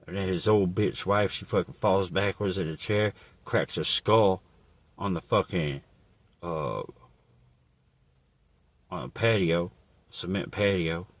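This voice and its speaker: A man telling a rambling, crude comedic story in a deadpan, profane way. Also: low-pitched, takes it slowly, long pauses, dry recording. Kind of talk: absurd improvised comedic monologue.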